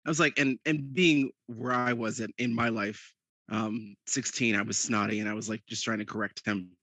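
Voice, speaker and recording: A man co-hosting a podcast, telling a family story in a lively way with frequent laughter. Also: lowish voice, moderate pace, dry recording. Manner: lively, laughs often while telling stories. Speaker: podcast co-host. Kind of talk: casual storytelling chat.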